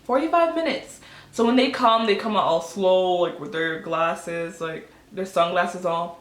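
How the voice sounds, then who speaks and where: A woman in her twenties telling a storytime vlog, chatty and animated, acting out quotes with lots of fillers. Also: on the low side, a little slow, reverberant. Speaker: vlogger.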